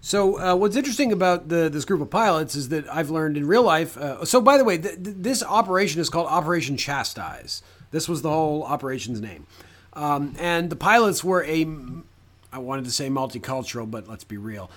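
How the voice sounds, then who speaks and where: A man's voice: a little high, lively intonation, brisk, fairly bright tone. Chatty man, swearing casually. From Canada. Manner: chatty, swears freely, goes on tangents. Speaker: podcast co-host. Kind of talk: casual film discussion.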